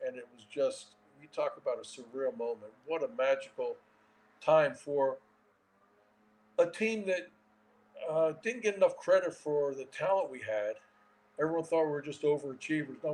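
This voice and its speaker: A man in his sixties, a former baseball player and manager, telling stories in a casual interview with an animated delivery and frequent restarts. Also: a little high, moderate pace, low-quality recording.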